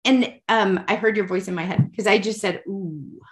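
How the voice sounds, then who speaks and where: A woman's voice: mid-range voice, fairly even intonation, a little fast. A woman talking as a podcast guest from home, candid and chatty, with an emotional, self-mocking way of talking. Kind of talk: candid personal conversation.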